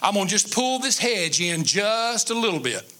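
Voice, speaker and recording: A man's voice: sits high, sing-song, moderate pace, pushed and bright, heavily acted. A man preaching who voices God as a confident male figure making a casual challenge. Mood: challenging.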